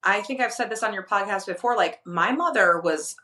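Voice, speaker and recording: A woman in her thirties co-hosting a casual chat, with a bright, forward voice. She speaks openly and earnestly, often chiming in with an agreeing "yeah". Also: medium pitch, fairly quick. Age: 30s. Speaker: guest co-host.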